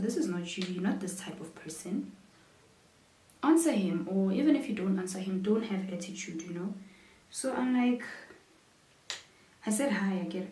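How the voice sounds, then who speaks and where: A woman, chatting and telling a lively story as a vlogger while doing her makeup, acting out her own reactions. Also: medium pitch, recorded from a distance, slight background noise. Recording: roomy echo, voice set back from mic.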